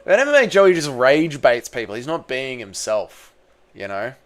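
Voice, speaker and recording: A young Australian man on a livestream, chatting with viewers, reading their messages, swearing freely and shouting at a fight as it unfolds. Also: medium pitch, very animated, normal speed. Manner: swears freely, reads chat aloud, yells at the fight. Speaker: streamer. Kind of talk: casual livestream chat and fight reaction.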